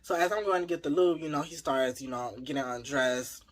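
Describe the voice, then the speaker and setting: A man's voice: on the high side, brisk. A man telling a wild personal story in a casual, profane style, talking straight to his viewers. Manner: animated, profane, talks to viewers as y'all.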